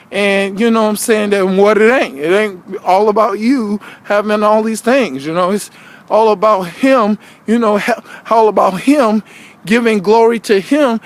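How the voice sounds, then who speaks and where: A man with a notably high voice preaches in an easygoing, rambling way, as if straight to camera. He circles back on his points, fires off rhetorical questions and keeps checking in with "you know what I'm saying.". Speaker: vlogger preaching to viewers. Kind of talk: casual preaching monologue.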